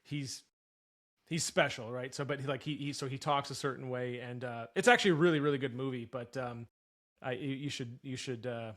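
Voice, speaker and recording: A man co-hosting a casual nutrition podcast, talking in a playful, halting way and trying out impressions. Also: medium pitch, fairly bright tone. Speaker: podcast co-host, nutrition coach.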